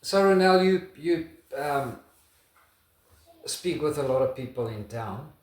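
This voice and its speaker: A man's voice: on the high side, lively intonation. Hesitant man, echoey room. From South Africa. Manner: hesitant, halting questions. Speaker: host. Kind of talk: casual interview.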